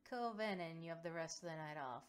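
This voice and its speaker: A fatherly male general with a low, rumbling voice, steady and reassuring as he gives orders, put on by a woman reading the story. He is commanding but kind, an audio story figure. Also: fairly quick. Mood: warm commanding.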